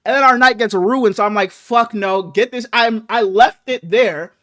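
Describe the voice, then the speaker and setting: A young man co-hosting a podcast, telling a long story in a casual, animated way, swearing freely. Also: high-pitched, moderate pace. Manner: animated, profane storytelling with acted quotes. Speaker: podcast co-host.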